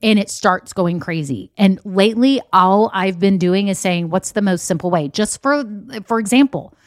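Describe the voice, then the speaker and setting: An energetic woman hosts her own business podcast and speaks directly to her audience. Her pitch sits in the middle range, and she leans hard on key words. The sound is close and dry, as if she recorded it straight into a podcast microphone. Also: normal speed, no echo. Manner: upbeat, emphatic, addresses listeners directly. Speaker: podcast host and online business coach. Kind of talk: solo motivational podcast talk.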